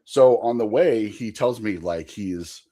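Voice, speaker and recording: A man's voice: lowish voice, unhurried, mellow. A young man, a podcast guest, telling a rambling anecdote in a casual chat and laughing as he goes. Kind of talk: casual storytelling.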